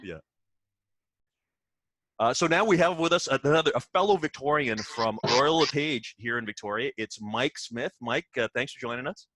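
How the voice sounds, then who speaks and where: Lively man hosting a chat. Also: mid-range voice, moderate pace, dry recording. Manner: chatty, frequent short backchannels. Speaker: podcast host. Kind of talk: casual interview chat.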